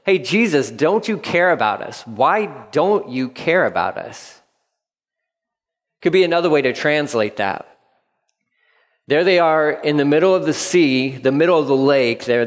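A man's voice: a little high, big-room sound. A male pastor preaching a sermon, telling the story vividly and repeating key lines for emphasis.

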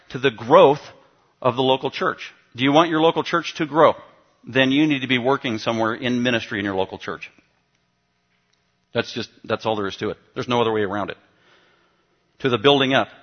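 Emphatic pastor teaching a sermon. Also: male voice, medium pitch, highs cut off. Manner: emphatic, asks the congregation questions.

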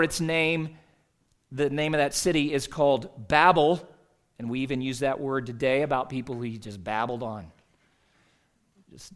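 A man's voice: fairly high pitch, a bit bright. A man delivering a sermon as a pastor, conversational, asking rhetorical questions and reading scripture aloud.

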